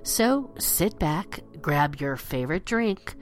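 Low-voiced, stuffy woman podcast host. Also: animated, slow, faint music behind. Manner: chatty and playful, dramatic swells in pitch. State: stuffy, congested from allergies. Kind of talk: spooky storytelling podcast.

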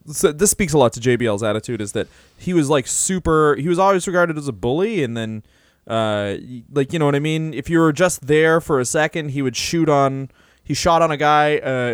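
A man's voice: a little high, moderate pace, clean tone, no room sound, studio quality. A man co-hosting a casual comedy podcast, joking and laughing often as he riffs. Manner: joking, laughs often, slips into mocking voices. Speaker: podcast co-host.

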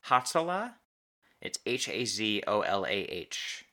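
A man hosting a podcast, recounting a true story in casual talk, pausing and stretching words for emphasis. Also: fairly low pitch, sharp tone. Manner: halting, restarts and stretched emphasis on key words.

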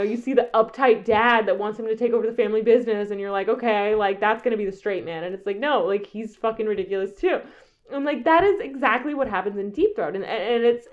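A woman with a fairly high voice co-hosting a podcast, building her argument with plenty of swearing. She talks fast and keen, and the recording is a little muffled and lo-fi. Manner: enthusiastic, profane, builds arguments. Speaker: podcast co-host. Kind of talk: casual film chat.

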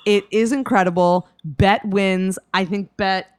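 A woman co-hosting a podcast, recapping a TV episode in casual chat with wry, deadpan asides. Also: medium pitch, unhurried, clear, resonant tone, no room sound, studio quality. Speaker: podcast co-host.

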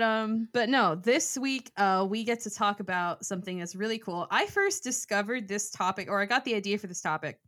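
A woman's voice: medium pitch, fairly bright tone. A young woman in her twenties co-hosting a podcast, chatty and self-mocking, laughing often. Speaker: podcast co-host. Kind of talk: casual chat.

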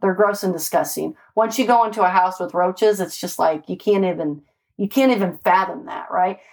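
A homicide detective with a lowish voice, speaking at a normal speed, swaps stories from her days on the street. She's animated and emphatic, swearing freely and sprinkling in "like" and a questioning "right?" as she chats.

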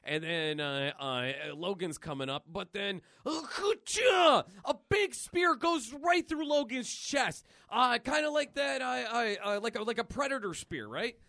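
A man hosting a comic book podcast, animated and playful as he retells a story with sound effects. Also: sits high, normal speed, hardly any pauses, no echo, clean studio sound. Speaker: podcast host.

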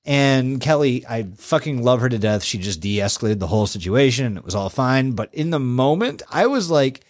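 A man's voice: medium pitch, normal speed, no room sound, studio quality. A man co-hosting a podcast, telling a story in casual chat and swearing freely as he goes. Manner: profane, animated storytelling. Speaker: podcast co-host.

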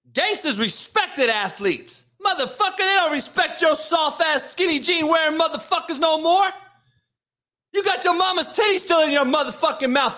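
A man hosting a daily rant show, yelling and swearing without letup. His voice sits very high for a man and comes out tense and forceful, with a sharp edge on every line. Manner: angry, yelling, heavy swearing. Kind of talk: profane sports rant.

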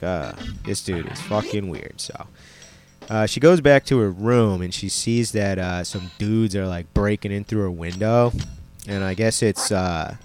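A man casually recapping a film in a laid-back, slangy and profane way, with lots of fillers. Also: fairly low pitch.

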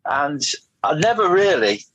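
Interview guest: middle-aged man, bright and forceful tone, anecdotal and rambling, dry sound. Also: a little high, very animated, unhurried, no echo, low-quality recording. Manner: rambling, anecdotal, frequent restarts and fillers. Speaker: guest, motorcycle test rider. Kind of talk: casual storytelling interview.

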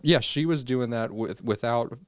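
A man's voice: mid-range voice, moderate pace, dry recording, clean studio sound. A man co-hosting a casual movie podcast, laid-back and self-deprecating. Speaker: podcast co-host.

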